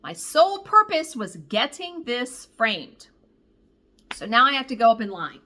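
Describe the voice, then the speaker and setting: Casual woman telling a crazy story to her camera, swears a lot, bright voice bouncing all over. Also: fairly high pitch, unhurried. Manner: animated, profane, exasperated storyteller. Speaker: cross-stitch vlogger.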